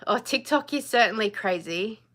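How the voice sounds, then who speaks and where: A woman's voice: a little high, animated, moderate pace, fairly bright tone. A woman, hosting a casual live chat, chatty and blunt, laughing often. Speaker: live stream host.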